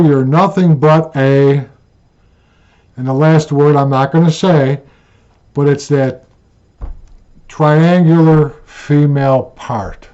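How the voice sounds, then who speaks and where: A man's voice: medium pitch, darkish tone. A man hosting his own rant channel, telling stories in a blunt, repetitive, plain-spoken way. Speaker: channel host. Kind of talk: ranting vlog storytelling. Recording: dull lo-fi sound.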